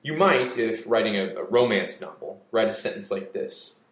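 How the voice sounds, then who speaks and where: A man's voice: on the low side, lively intonation, moderate pace, a bit bright, roomy sound. A man hosting a podcast for an editing service, reading a scripted explainer with wry, mock-dramatic touches.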